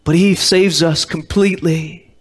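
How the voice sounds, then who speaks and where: Slow, emphatic preaching pastor, fairly high voice. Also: male voice, fairly even intonation, slightly rough. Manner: quotes scripture in King James wording. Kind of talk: sermon. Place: church sanctuary.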